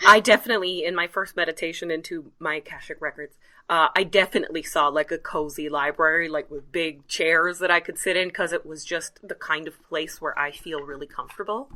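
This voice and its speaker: Woman podcast host, lowish pitch, bright edge, quick to laugh. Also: fairly even intonation. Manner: laughs often, warmly encouraging. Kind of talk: casual interview chat.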